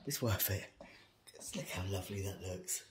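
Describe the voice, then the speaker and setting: A man's voice: low voice, normal speed, very noisy. Tired, chatty man vlogging. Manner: chatty, giggly, self-mocking about being shattered. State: tired and out of breath. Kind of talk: casual home vlog. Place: house and garden.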